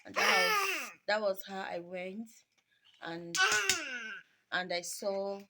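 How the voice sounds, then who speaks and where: A young Nigerian woman vlogging about her family, her voice sitting at an ordinary middle pitch. She tells her story in an emotional, rambling way, mixing English with Pidgin, over clear background noise on a home video recording. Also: very animated, slow pace. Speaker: mommy vlogger. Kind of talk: personal storytelling to camera.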